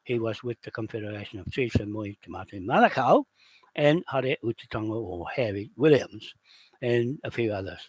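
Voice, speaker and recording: A man in an unscripted rant, heated and accusatory, swearing and often shouting. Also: lowish voice, lively intonation, normal speed, husky, no room sound. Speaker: video host.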